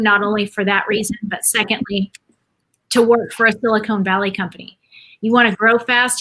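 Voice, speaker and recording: A woman's voice: mid-range voice, sharp tone. A middle-aged woman from Dallas, telling her story as a guest in a casual podcast chat. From Dallas, Texas, USA. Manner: chatty, storytelling, laughs easily.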